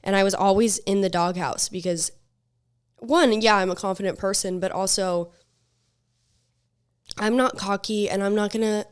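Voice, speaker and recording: A woman's voice: medium pitch, steady tone, moderate pace, pauses often, clear, resonant tone. A young woman hosting a podcast in casual chat, blunt and swearing freely as she tells stories. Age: young adult. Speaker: podcast host.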